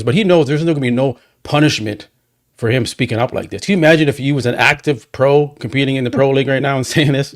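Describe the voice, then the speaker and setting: A male podcast host in loose, animated talk, with a mid-range voice. He stumbles over repeated words and keeps cheering his guest on. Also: medium pitch. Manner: animated, repetitive restarts, supportive.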